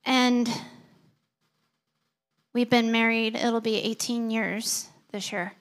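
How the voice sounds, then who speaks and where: Slow, earnest woman pastor preaching. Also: a little high, fairly even intonation. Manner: personal storytelling, earnest. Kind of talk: sermon.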